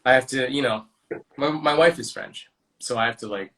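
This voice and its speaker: A man's voice: mid-range voice, moderate pace, a bit bright. Canadian guy on a livestream, playful, chatting and reading out fan messages. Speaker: livestream host signing autographs. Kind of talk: casual livestream chat.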